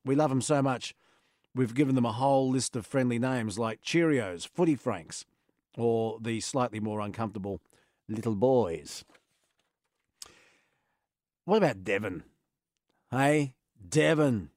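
A man's voice: medium pitch, unhurried, pauses often, a little mellow, no echo, clean studio sound. A man with an Australian accent hosting a radio show, chatting casually and playfully. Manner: playful, enthusiastic, musing aloud. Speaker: radio host. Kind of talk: casual on-air chat.

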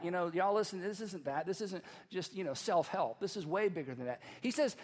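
A man with a noticeably high-pitched voice delivers a sermon from the pulpit. He talks in a conversational, animated way and slips in playful asides. His words echo with the long reverb of a church hall. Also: quick pace, few pauses. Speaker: pastor.

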